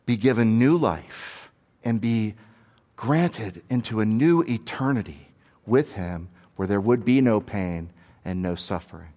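A man preaching a sermon in an earnest way, sometimes dropping soft and low, sometimes rising and emphatic. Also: expressive, a little slow.

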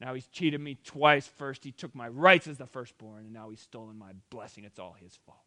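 A man voicing Esau, a brash young male hunter, loud and pleading, sometimes dopey. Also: medium pitch, moderate pace, voice pushed down. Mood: resentful.

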